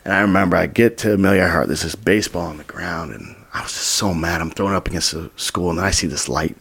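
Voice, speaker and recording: Young man, gravelly and husky, low voice, animated storytelling, whispered and squeaky quotes. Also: fast talker. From Utah. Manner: animated, acts out quotes with whispers and sudden high bursts. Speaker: podcast guest. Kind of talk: storytelling in casual interview.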